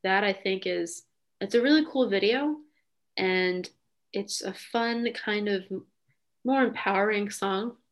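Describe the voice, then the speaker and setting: A young woman hosts a relaxed podcast conversation. She talks with eager enthusiasm, her sentences full of "um" and "like" as she gushes along. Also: medium pitch, slow pace. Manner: enthusiastic, lots of "um" and "like". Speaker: podcast host. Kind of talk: casual chat.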